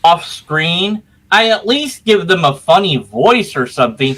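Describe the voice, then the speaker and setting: A man's voice: sits high, sing-song, measured pace, fairly bright tone. A man giving casual debate commentary, dry and teasing. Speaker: video creator responding to arguments.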